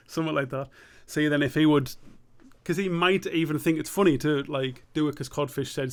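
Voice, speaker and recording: A man's voice: a little high, steady tone, fairly quick. A young man streaming live as an animator, chatting casually and thinking aloud in a rambling, sweary way.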